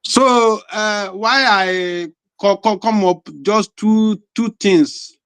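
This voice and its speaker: A man with a Nigerian accent calling in to a live talk show, speaking haltingly with many hesitations. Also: high-pitched, a bit bright, clean tone, no echo. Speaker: caller.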